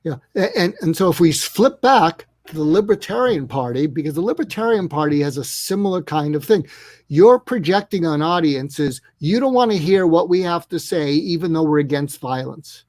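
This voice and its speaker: A man being interviewed over a video call, talking earnestly and walking through his ideas step by step. His voice sits a bit high and sounds dry and close, with no room around it. He often slips into acting out short exchanges. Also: animated, moderate pace, a little mellow, dry recording. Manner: earnest, explains in steps, acts out dialogue. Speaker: guest expert on listening. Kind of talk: interview conversation.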